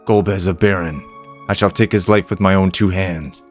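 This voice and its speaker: Man doing a stern, vengeful old sage, game read-along, low voice, faint music. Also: normal speed, close to an everyday voice. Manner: flat reading of game text aloud.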